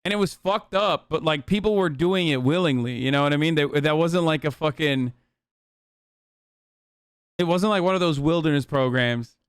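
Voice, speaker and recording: Brash, profane streamer with crisp voice. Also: male voice, a little high, normal speed, no room sound, clean studio sound. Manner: profane, rambling, emphatic. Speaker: streamer reacting to a video. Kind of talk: casual reaction commentary.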